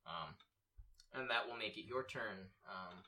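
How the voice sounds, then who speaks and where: A man's voice: fairly low pitch, unhurried, distant mic, crowd noise, low-quality recording. A man running a tabletop game as game master, explaining scenes step by step.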